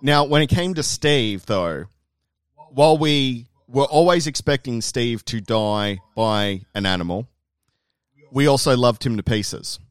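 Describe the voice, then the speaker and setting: Australian male podcast guest, smooth and resonant, dry close sound, rambling casual delivery. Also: medium pitch, lively intonation, measured pace, no room sound. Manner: rambling, searches for words. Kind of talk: casual chat.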